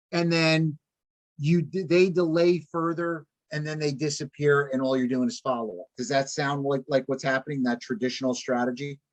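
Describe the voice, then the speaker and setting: A man with a fairly high speaking voice runs a live sales training over a video call. He drives his points home through repetition and keeps checking that the group follows along.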